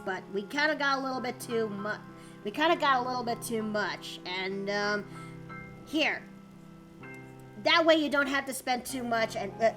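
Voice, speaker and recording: A woman's voice: on the high side, close to an everyday voice. A woman voicing a shy, flustered young male catboy waiter who stammers as he hands over cookies. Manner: stammering, bashful.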